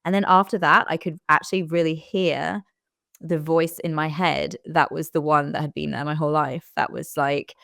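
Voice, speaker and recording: A woman's voice: sits low, fairly even intonation, normal speed, creaky, fairly bright tone, no echo, clean studio sound. A young woman telling her own story in a candid, reflective way as an interview guest. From United Kingdom. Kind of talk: casual interview conversation.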